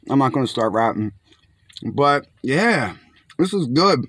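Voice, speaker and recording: A man's voice: mid-range voice, sing-song, measured pace, a bit bright, no room sound. A young man casually reviewing canned fish outdoors, chatty and laid-back, often calling viewers his friends. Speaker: food reviewer. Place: outdoors in bright sun.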